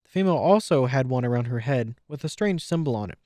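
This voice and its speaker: A man reading fan fiction aloud in steady first-person storytelling. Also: medium pitch, fast talker, dry recording. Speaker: audiobook reader.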